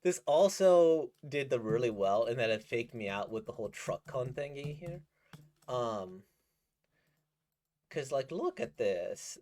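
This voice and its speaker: A man rambles through a casual reaction to a comic he is reading, keen and quick to laugh. His pitch sits in the middle but swings widely as he talks. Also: animated, a little mellow. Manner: rambling, enthusiastic, laughs often. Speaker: manga reaction host.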